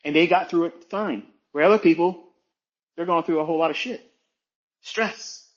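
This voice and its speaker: A man's voice: on the high side, moderate pace. Blunt, profane man with dull lo-fi sound. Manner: blunt, profane, emphatic, repetitive. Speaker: trading mentor. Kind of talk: profane motivational monologue.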